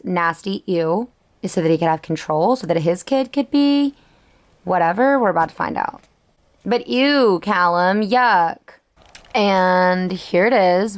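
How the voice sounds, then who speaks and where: A woman's voice: fairly low pitch, smooth. A young woman in her twenties chatting casually in a reading vlog, reacting dramatically and gushing about a book. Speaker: book vlogger.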